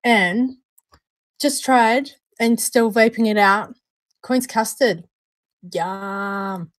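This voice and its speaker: A woman's voice: fairly high pitch, extremely slow, no echo. A woman hosting a casual live vape review stream from home, chatty and laughing often. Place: at home, indoors at night.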